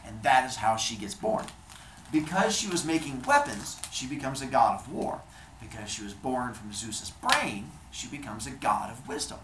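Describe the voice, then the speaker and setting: A man telling a comic myth in an animated, playful way, hosting his show. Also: medium pitch, normal speed, noisy background. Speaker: storyteller host. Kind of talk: comic storytelling. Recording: roomy echo.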